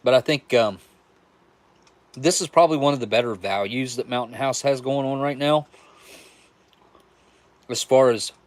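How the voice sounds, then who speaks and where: A man's voice: mid-range voice, moderate pace, pauses often. A man from West Virginia with a West Virginian accent, chatting casually and rambling with restarts on a live stream. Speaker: livestream host.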